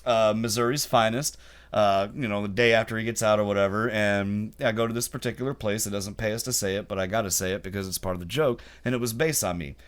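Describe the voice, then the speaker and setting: A man's voice: lowish voice, steady tone, fast, clean tone. A man hosting a casual podcast chat, who laughs often while telling stories. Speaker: podcast host.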